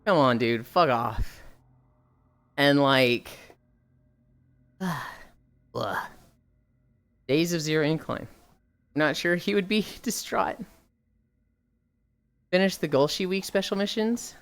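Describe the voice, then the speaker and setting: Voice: medium pitch, takes it slowly, long pauses, a bit bright. A livestreamer chatting casually and reading viewer messages aloud, blunt and sighing often, swearing freely.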